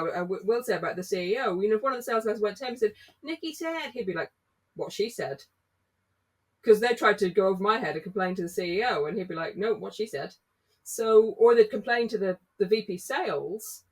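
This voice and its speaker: A woman's voice: medium pitch, far from the mic, poor audio. A woman, a marketing consultant in a casual podcast conversation, telling stories and acting out the dialogue. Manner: brisk storyteller, acts out dialogue.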